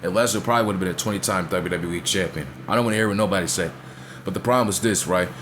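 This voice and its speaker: A man's voice: sits low, racing, noisy background. A man ranting in a blunt, profane way in casual talk, often asking if you know what he's saying. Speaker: wrestling commentator vlogger. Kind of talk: casual opinion rant.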